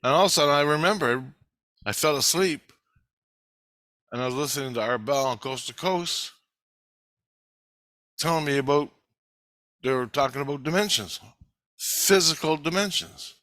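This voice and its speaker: A middle-aged man vlogging, telling a story in a rambling, excitable way with frequent swearing. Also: fairly high pitch, moderate pace, long pauses, no echo. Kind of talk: casual storytelling.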